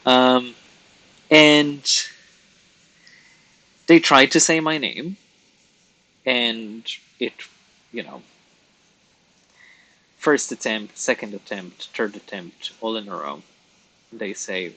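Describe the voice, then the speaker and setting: A man's voice: medium pitch, slow, pauses often, bright, forceful tone, a little hiss or hum, poor audio. A man chatting casually with his viewers while colouring on a live stream, rambling and laughing at himself.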